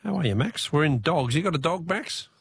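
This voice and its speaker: A man with an Australian accent hosting a talkback radio quiz, chatty and quick with asides, laughing easily with callers. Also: fairly high pitch, expressive, gravelly, husky.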